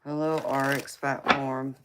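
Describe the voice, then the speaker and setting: Low, slow Southern woman host. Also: level tone, heavy background noise. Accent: Southern American. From Southern United States. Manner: sassy, teasing, laughs often, calls viewers honey and baby. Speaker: tarot reader and livestream host. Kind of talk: casual livestream chat.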